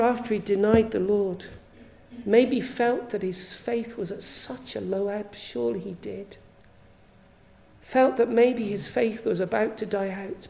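A woman preaches a sermon with a mellow, fairly high voice. She sounds earnest and pleading and often turns to put direct questions to her listeners. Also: vocal fry, roomy sound, rough recording.

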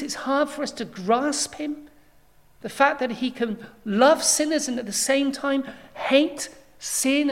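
Woman preacher, slow and earnest, somewhat high voice, pleading sermon delivery. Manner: earnest pleading with sudden rises in intensity. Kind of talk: evangelistic sermon.

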